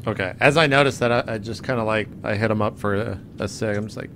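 A man playing in a tabletop role-playing game, describing his actions in a relaxed, hesitant way. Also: fairly low pitch, fast, hardly any pauses, a little hiss or hum. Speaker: player. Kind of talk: casual tabletop role-play.

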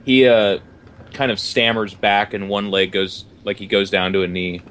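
A man playing a tabletop game, describing his character in halting, stammering bursts with swearing. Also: fairly low pitch, level tone, a bit bright. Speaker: player.

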